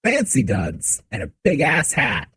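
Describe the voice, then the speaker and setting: A man streaming a game from a home setup, chatting with viewers in a relaxed, joking way into a desk mic. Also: medium pitch, a little slow, husky, dry recording, low-quality recording. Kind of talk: casual game commentary. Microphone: desk mic on shock mount.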